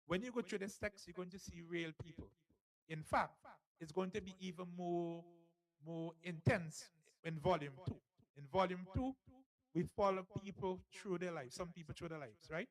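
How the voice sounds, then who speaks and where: Jovial author-host, slightly high man's voice, teasing and laughing. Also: rough recording. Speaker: author and host of a book launch. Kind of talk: lively live event hosting.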